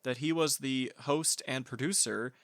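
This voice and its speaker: A man's voice: medium pitch, measured pace, a bit bright, dry recording, studio quality. A man co-hosting a podcast in casual chat, chatty, laughing often and trailing off with fillers. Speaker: podcast co-host.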